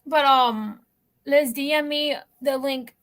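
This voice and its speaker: A woman co-hosting a casual podcast chat, talking in quick, chatty asides. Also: high voice, a bit bright. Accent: non-local accent that others remark on. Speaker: co-host.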